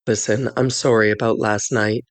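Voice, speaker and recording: A woman voicing a groggy husband apologizing on a phone call in an audiobook, speaking in a lowered voice with hesitant, conciliatory phrasing. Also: fairly even intonation, normal speed. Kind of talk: audiobook character voice.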